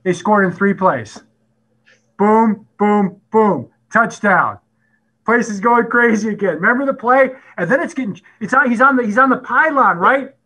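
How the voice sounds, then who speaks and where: Brief: middle-aged man, football coach, lively storyteller who plays out quotes; higher pitch, bright edge. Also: normal speed, slightly rough, rough recording. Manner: animated storyteller who acts out quotes and laughs often. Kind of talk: storytelling at a conference talk.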